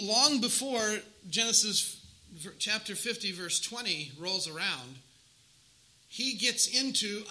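Bright-voiced earnest male preacher. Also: high-pitched, poor audio. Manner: earnest, emphatic, with repetitions and rising stresses. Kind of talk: sermon.

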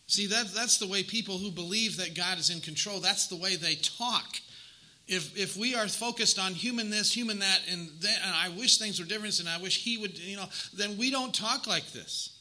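A male preacher delivers a sermon in a strikingly bright, somewhat high voice. He speaks earnestly and emphatically, repeating words to hammer them home and lifting his voice on the phrases that matter. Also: normal speed, poor audio. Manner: earnest, emphatic, with repetitions and rising stresses.

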